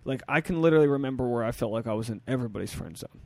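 Podcast host dude, kinda gravelly, teasing his guest, dead dry sound. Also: medium pitch, lively intonation, racing, no echo. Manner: wry, teasing interjections. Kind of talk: casual chat.

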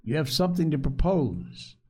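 A man's voice: on the high side, very animated, normal speed, dark tone, breathy edge. A man doing an earnest young boy.

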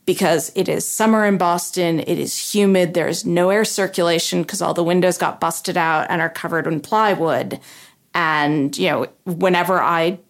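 Woman on a podcast, lowish voice, thinks out loud, lots of you knows. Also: fairly even intonation, moderate pace. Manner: reflective, thinking aloud with fillers. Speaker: podcast co-host. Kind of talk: casual chat.

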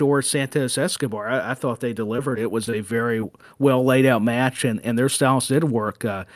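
A man co-hosting a casual wrestling podcast, animated and often repeating words as he starts sentences. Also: mid-range voice, dry recording, studio quality. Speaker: podcast co-host.

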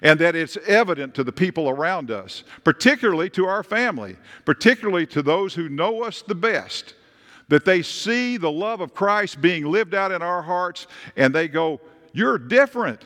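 A man's voice: sits high, normal speed, long reverb tail. A man preaching a sermon as pastor, telling stories and driving points home with emphatic rises. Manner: animated, with emphatic rises and storytelling asides.

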